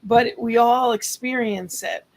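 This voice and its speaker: A woman's voice: fairly high pitch, steady tone, a little slow, darkish tone. A woman hosting a conversational interview, affirming and encouraging her guest. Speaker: host.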